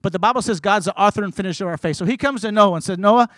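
A man with a high voice preaches a sermon, building rhythmic, repeated lists up into shouts and then dropping into quiet asides. The sound is close and dry, with no room echo. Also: rapid-fire. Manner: repetitive, rhythmic phrasing. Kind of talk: sermon to a congregation.

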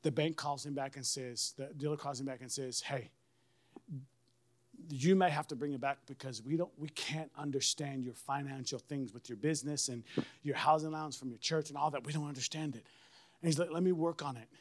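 A middle-aged man, a pastor, telling a story in a sermon with lively swings and bursts of shouted praise. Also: medium pitch, a little fast. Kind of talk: sermon testimony.

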